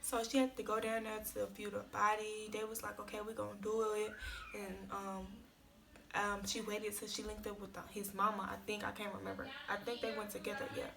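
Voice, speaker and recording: A woman's voice: mid-range voice, monotone, a little fast, gravelly, bright, forceful tone, slight background noise. A young woman vlogger telling an emotional story in a casual, slangy, tearful rush.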